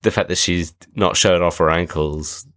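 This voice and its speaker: A man's voice: low voice, steady tone, moderate pace, a bit bright, no room sound, clean studio sound. A man co-hosting a podcast, chatting casually with lots of laughs and fillers. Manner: laughing, rambling, many fillers. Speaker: podcast co-host. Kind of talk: casual chat.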